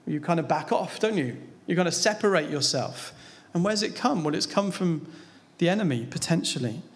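An animated man with a fairly high voice preaches at a moderate pace on a Bible passage. He talks to his listeners conversationally, asking rhetorical questions, while the large hall adds long reverb.

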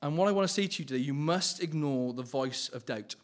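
A man preaching an informal sermon in a somewhat high voice, earnest and pleading. He laughs often and corrects himself mid-sentence. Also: brisk. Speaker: lay preacher. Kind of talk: informal sermon with personal testimony.

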